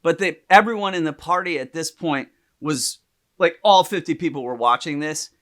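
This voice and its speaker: A man's voice: on the high side, moderate pace. A man co-hosting a podcast, telling a personal story in casual chat and acting out the people he quotes. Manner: animated storyteller, acts out quotes loudly. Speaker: podcast co-host.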